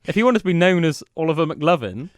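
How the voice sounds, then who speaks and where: A man's voice: fairly high pitch, sing-song, fast talker, no room sound, studio quality. A young man, co-hosting a podcast as a rambling, self-mocking storyteller. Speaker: podcast co-host. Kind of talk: casual chat. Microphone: studio mic.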